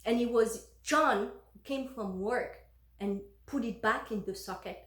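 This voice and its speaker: A woman's voice: fairly high pitch, measured pace, echoey room. A woman telling a personal story in a casual, emotional way, with many fillers and restarts.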